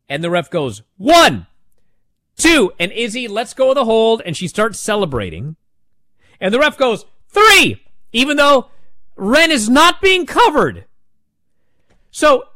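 A man casually recapping a wrestling show, animated and sarcastic as he tells it. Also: a little high, dry recording, studio quality.

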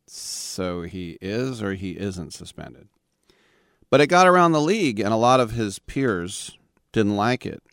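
A man's voice: lowish voice, sing-song, a little slow, a bit bright, no room sound, clean studio sound. A man in his fifties from the Bay Area, hosting a sports talk radio show in a wry, rambling monologue with sarcastic asides. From San Francisco Bay Area.

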